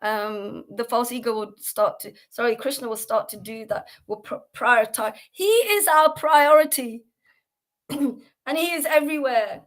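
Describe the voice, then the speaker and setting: A woman from the United Kingdom leads a casual devotional class over a livestream. Her slightly high voice runs on earnestly, full of fillers and restarts. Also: measured pace.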